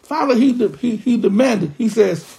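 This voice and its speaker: A pastor preaching a sermon with impassioned, drawn-out emphasis. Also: medium pitch, lively intonation, gravelly, warm tone.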